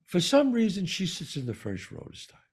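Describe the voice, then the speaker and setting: A man's voice: sits high, huge pitch swings, brisk, slightly rough. A man co-hosting a podcast, telling a story in casual chat and repeating words for emphasis. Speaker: podcast co-host.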